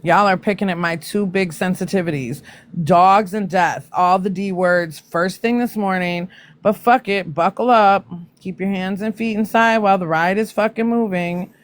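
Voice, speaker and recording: A woman's voice: mid-range voice, moderate pace. Blunt, profane woman live-streaming. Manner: profane, blunt, emotional asides to viewers. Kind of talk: casual live chat reacting to news.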